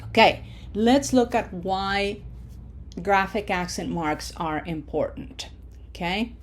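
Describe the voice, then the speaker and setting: A woman teaching a recorded language lesson, modeling words clearly for repetition and checking in with frequent "okay?" prompts. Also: medium pitch, a little hiss or hum. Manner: slow, deliberate, checks in with "okay?". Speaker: Spanish teacher.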